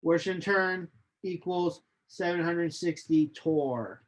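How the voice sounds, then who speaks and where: A male chemistry lecturer giving a recorded online lecture, unhurried and hesitant, with many ums and restarts. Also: on the high side. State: losing his voice, coughing.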